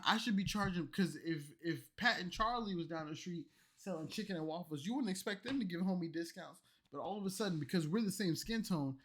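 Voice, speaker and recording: Man, tipsy, profane rant, fairly high voice, loud outbursts then mumbling, reacting to clips. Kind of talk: loose ranting commentary.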